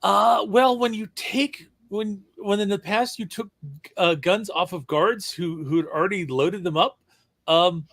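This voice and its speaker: A man co-hosting a casual live stream, talking in a halting way with repeated words and small chuckles. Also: high-pitched, gravelly, a bit bright, dry recording. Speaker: stream co-host, writer.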